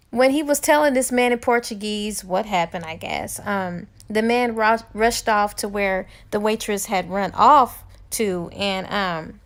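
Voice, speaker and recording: Woman, book reviewer, casual recap, chatty, slightly high voice. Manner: chatty, with many "like" and "um" fillers.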